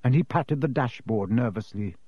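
A man narrating a storybook in a steady, measured reading. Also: mid-range voice, husky, no room sound. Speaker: audiobook narrator. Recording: dull, lo-fi dry recording.

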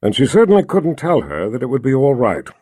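A male narrator reading a fantasy novel aloud, expressive and engaged. His pitch rises and falls a great deal. The recording is dry and close, with no room sound. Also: a little fast, breathy edge, dry recording. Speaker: audiobook narrator. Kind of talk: scripted narration.

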